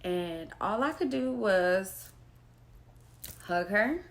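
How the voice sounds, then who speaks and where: A woman speaking as a mother in a personal vlog monologue, slow and emphatic, repeating phrases for weight and sometimes dropping to a near whisper. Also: mid-range voice, expressive. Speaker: mother sharing personal experience.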